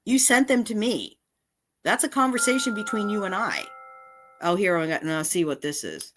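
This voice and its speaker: A woman's voice: mid-range voice, lively intonation, moderate pace, noisy background. A woman vlogger delivering an angry, confrontational rant straight to camera, indignant and repeating her points. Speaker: cat channel vlogger.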